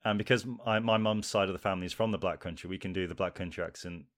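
A man's voice: low-pitched, fairly even intonation, very fast, a bit bright. An English man in his thirties, an actor guest talking casually and with animation, laughing as he speaks. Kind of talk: casual interview chat.

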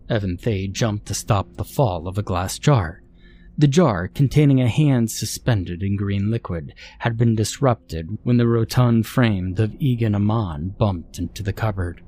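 A man narrating a horror story in a measured storytelling manner. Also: fairly low pitch, dark tone. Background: faint music.

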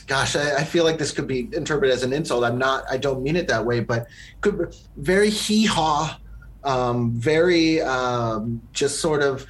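A man's voice: medium pitch, a little hiss or hum. A man co-hosting a podcast, talking through a film in a rambling, casual way that is full of fillers and restarts. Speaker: podcast co-host. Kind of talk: casual movie review chat.

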